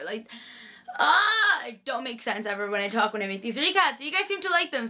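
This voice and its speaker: A woman's voice: a little high, sharp tone. A young woman chatting casually through a TV episode recap, gushing and full of "like". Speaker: TV recap vlogger.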